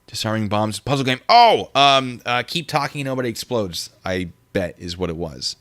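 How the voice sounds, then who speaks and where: A young man with a slightly low voice hosts a casual livestream. He rambles loosely from one thought to the next and reads viewer comments aloud as he goes. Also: very animated, moderate pace, a bit bright. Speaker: livestream host.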